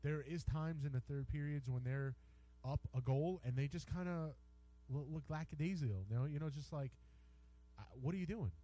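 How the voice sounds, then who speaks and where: A man's voice: on the high side, moderate pace, warm tone, rough recording. An American man co-hosting a casual sports radio show, hesitant and full of repeated words, ribbing his partner. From United States. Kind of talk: casual bantering sports talk. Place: radio studio.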